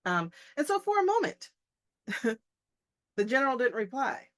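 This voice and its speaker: A woman's voice: high-pitched, sing-song, a little slow, a bit bright. A woman English teacher reading a short story aloud and breaking off for chatty, joking asides to her class.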